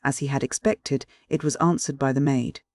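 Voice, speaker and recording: Male audiobook narrator, steady literary reading, dry close mic. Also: medium pitch, normal speed, no room sound.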